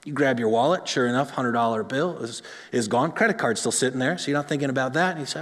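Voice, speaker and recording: A man pastor preaching a sermon, telling examples with animated swings between emphatic bursts and quiet, soft passages. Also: medium pitch, quick pace, few pauses. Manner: animated storytelling, rising to emphatic peaks then dropping soft. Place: church sanctuary. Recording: long reverb of a church hall.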